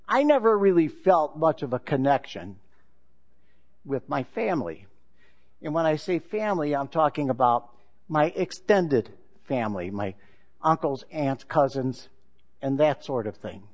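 A male pastor delivering a sermon with a high-pitched voice. He talks candidly and with self-deprecation, easing from a joke into personal reflection. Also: lively intonation, a little slow, long pauses, a little mellow.

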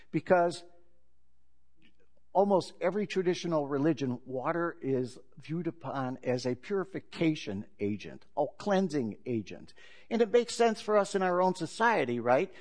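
A male pastor preaching a sermon in a relaxed, conversational storytelling manner, opening with a joke. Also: fairly high pitch.

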